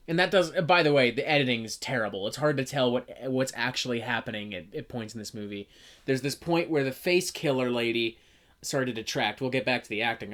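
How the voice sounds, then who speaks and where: A woman co-hosting a casual chat, talking in an animated, profane way and mocking what she describes. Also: extremely low pitch. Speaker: podcast co-host reviewing a film.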